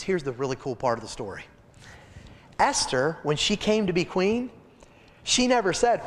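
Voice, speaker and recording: A man leading a midweek Bible study, telling the story in an animated way and addressing his listeners directly. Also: a little high, fairly quick, long pauses, long reverb tail.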